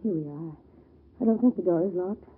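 An actress playing an anxious young wife in an old-time radio drama, speaking in a halting, nervous way. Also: female voice, on the low side, a little hiss or hum, close to an everyday voice. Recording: lo-fi vintage radio recording.

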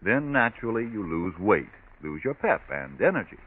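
A male announcer delivering smooth, persuasive, scripted radio announcements and an ad. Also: fairly low pitch, sing-song, normal speed. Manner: smooth, persuasive, formal address. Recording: tinny scratchy old radio broadcast.

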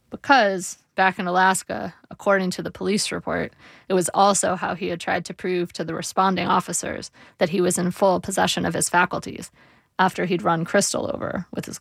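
A woman narrating her own memoir in a wry, measured, reflective way. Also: on the low side, level tone, vocal fry, slightly rough, no echo, clean studio sound.

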